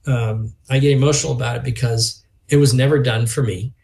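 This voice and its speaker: A man's voice: medium pitch, steady tone, creaky, darkish tone. A middle-aged man speaking earnestly and reflectively as a podcast guest, sometimes emotional as he tells a personal story. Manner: earnest, reflective, quick to emotion, acts out quoted dialogue. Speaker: guest, youth organization leader. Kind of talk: conversational podcast interview.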